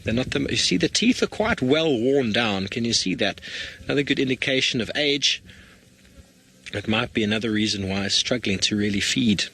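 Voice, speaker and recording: A man giving live wildlife commentary as a safari guide outdoors, excited and often restarting his phrases. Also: mid-range voice, normal speed, slightly rough.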